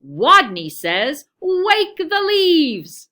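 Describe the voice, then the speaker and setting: Tiny shy boy rat, put on by a woman, squeaky, says w for r, slow, bright voice. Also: big pitch swings, full character voice. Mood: bold. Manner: squeaky, swaps r sounds for w.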